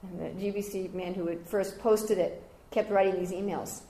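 A woman's voice: moderate pace, hardly any pauses. Older woman teaching a scripture class, echoey. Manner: animated storyteller, jumping high when quoting others. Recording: roomy echoey room.

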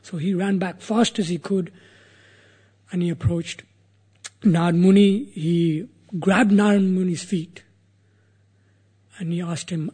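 A man's voice: high voice, takes it slowly, long pauses, husky. A man earnestly retelling a sacred epic as a sermon, acting out the characters' words. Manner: earnest, animated, voices the characters. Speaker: religious storyteller.

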